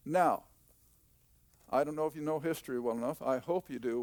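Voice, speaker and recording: Slow, gravelly older teacher. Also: male voice, on the high side, darkish tone, no echo. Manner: folksy, emphatic, repeats key points. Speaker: Bible teacher. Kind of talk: conversational Bible teaching.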